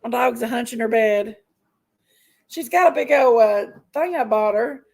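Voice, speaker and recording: A woman chats loosely on her livestream, welcoming viewers by name in a folksy way. Her voice sits high and carries a gravelly edge. She sounds a little under the weather from a sick stomach. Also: a little slow, darkish tone, poor audio. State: unwell with an upset stomach. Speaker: livestream host. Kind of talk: casual livestream chat greeting viewers.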